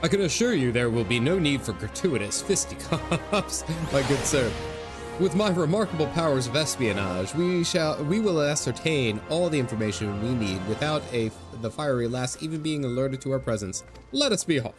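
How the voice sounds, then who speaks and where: Man reading a pompous gentleman sleuth, formal and lofty, mid pitch, game music behind. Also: expressive, moderate pace, close to an everyday voice. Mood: grandiose.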